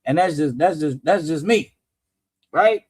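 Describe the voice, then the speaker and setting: Animated, high-voiced man hosting commentary. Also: unhurried, husky, no room sound. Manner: animated, profane, rising to shouts. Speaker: host. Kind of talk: casual commentary.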